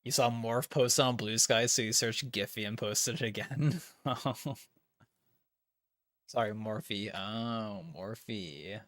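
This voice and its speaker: A young man livestreams a speedrun with game music behind him, chatting casually and rambling with plenty of fillers and chuckling asides. His fairly low, slightly bright voice moves slowly, captured at studio quality with no room sound.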